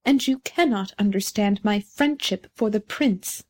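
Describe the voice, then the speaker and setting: A woman's voice: medium pitch, a little slow, darkish tone, close to an everyday voice. A woman voicing a pompous, conceited male firework rocket in a storybook reading, haughty and self-important. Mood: stiffly offended.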